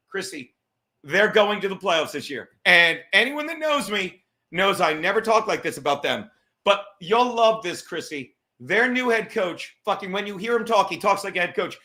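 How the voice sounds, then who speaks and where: A middle-aged man hosts a comedy podcast in a rambling, profane monologue. His voice sits high and bright, and he keeps cutting himself off to restart mid-thought.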